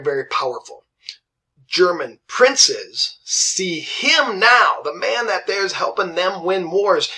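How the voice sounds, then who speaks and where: A man's voice: fairly high pitch, sharp tone. A man teaching a history lesson in a casual, chatty way, often checking in with "right?" and briefly acting out historical figures. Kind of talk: casual classroom lecture.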